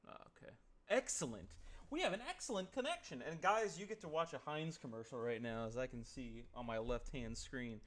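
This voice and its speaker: A male streamer improvising a comic scene at his home desk microphone. His talk is loose, playful and full of swearing, with a middling pitch. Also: expressive, a little fast, fairly bright tone. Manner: casual, profane, playful. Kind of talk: improvised comedic role-play.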